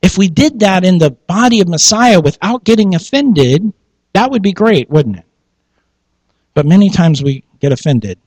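A man's voice: high-pitched, expressive, moderate pace, a little mellow, slightly rough, no echo, poor audio. A man, a pastor, preaching a sermon in a conversational way, asking rhetorical questions and laughing at his own asides.

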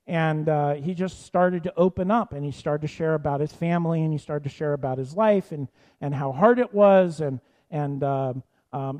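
A man telling a faith story in a sermon, then leading a quiet, earnest prayer. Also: high-pitched. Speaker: minister.

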